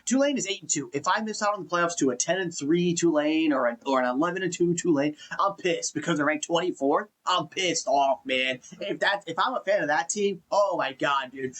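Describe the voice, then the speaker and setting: A man hosts a casual sports talk show with a fairly high, husky voice. He rants in an exasperated, swearing, conversational way. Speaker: podcast host.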